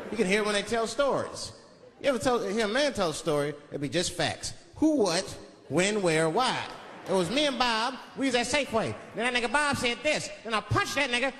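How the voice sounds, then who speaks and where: High-voiced profane male stand-up comic. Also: long reverb tail. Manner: loose, profane, conversational storytelling. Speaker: stand-up comedian. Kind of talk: stand-up comedy. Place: large theatre stage. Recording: live theatre with audience noise.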